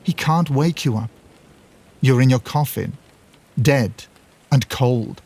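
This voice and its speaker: A man reading as a dead mother's spirit, calm and measured, firm in tone. She speaks steadily and without hurry in a horror audio story. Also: medium pitch, husky.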